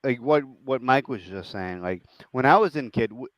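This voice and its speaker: A young adult man on a podcast, asking earnest questions in a halting, searching way, often restarting his sentences. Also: mid-range voice, lively intonation, fairly bright tone, poor audio. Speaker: podcast co-host. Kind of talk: casual chat.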